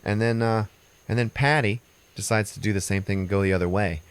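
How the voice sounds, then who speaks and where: A man with a very low, deep voice hosts a podcast and walks through a movie's plot. His delivery is loose and rambling, casual, with the odd curse thrown in. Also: fairly even intonation, fairly quick, clean tone. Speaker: podcast host.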